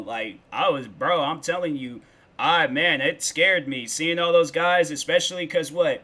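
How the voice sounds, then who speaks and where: A man's voice: a little high, measured pace, sharp tone. A man in his twenties chatting casually with viewers on a livestream, rambling and loose, with lots of filler words. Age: 20s. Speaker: streamer.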